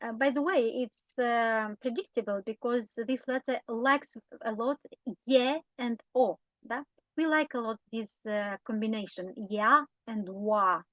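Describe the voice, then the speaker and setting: A woman's voice: fairly high pitch, steady tone, measured pace, dry recording, muffled recording. A woman with a Romanian accent teaching a grammar lesson, explaining patiently and often checking in with short tag questions. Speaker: language teacher.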